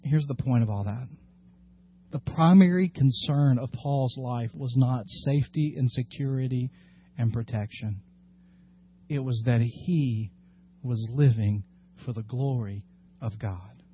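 A man preaching a sermon as pastor, animated when acting out scripture and dropping low and quiet for serious points. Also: measured pace, highs cut off, a little hiss or hum. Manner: animated, acts out scripture quotes with rising emphasis.

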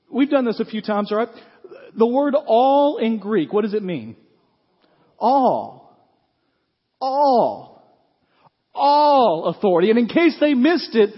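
A man's voice: high-pitched, long reverb tail, lo-fi sound. A middle-aged man, preaching a folksy sermon to his congregation and checking in with them often with "right?". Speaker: pastor. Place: church sanctuary.

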